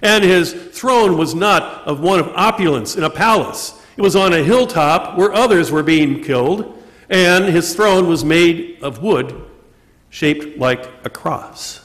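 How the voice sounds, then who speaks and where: A male priest preaching a sermon at Mass, posing rhetorical questions and answering them himself, leaning slowly on key words. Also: fairly high pitch, lively intonation, fairly bright tone. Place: church during Mass. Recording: long reverb of a church.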